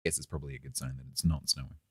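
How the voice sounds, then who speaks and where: A man casually chatting to his viewers while playing a game on a live stream, rambling in a relaxed way with chuckling asides. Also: extremely low pitch, rapid-fire, breathy edge, dry recording, clean studio sound.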